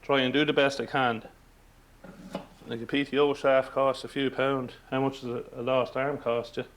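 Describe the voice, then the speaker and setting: A man's voice: medium pitch, flat delivery, normal speed, a little hiss or hum. An Irish man, a farmer, speaking plainly and earnestly in an interview. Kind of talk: documentary interview.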